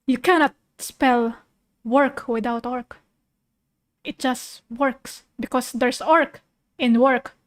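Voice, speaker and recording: A woman streaming as a vtuber, reacting to a video in a playful, goofy, casual chat. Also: sits high.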